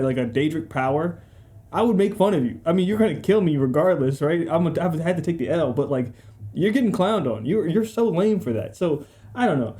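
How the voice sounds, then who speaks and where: Mellow-voiced man in profane rambling commentary. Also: a little high. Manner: profane, rambling, slangy and sarcastic. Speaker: gaming video creator. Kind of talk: casual rambling game ranking commentary.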